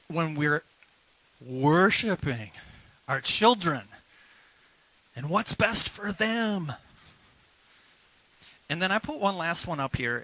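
A male pastor preaching a lively sermon at a church service, urging the congregation to repeat phrases after him. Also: a little high, low-quality recording.

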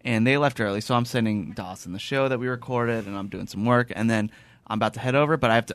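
A man hosting a podcast, spinning a casual anecdote with animated energy and quick laughs. He acts out both sides of his phone calls as he goes. The room sounds dry, with no echo. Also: mid-range voice. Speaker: podcast host. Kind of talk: casual storytelling chat.

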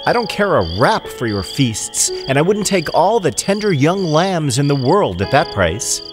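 A hungry, bony wolf from a storybook fable, humble and then proud, voiced by a male narrator. His pitch swings widely, and loud music plays behind him. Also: very animated, unhurried.

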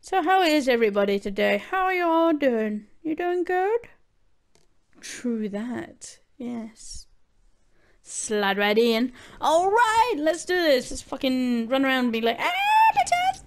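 Young female game streamer: high, bouncy voice, unhurried, chatty and foul-mouthed with her viewers. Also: big pitch swings. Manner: chatty, swears freely, laughs and jokes with viewers. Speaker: gaming streamer. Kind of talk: casual live-stream game commentary.

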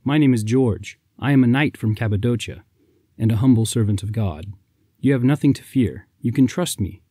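A man voicing a calm, devout knight who speaks in a measured, reassuring way. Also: medium pitch, husky, no room sound, studio quality, natural voice.

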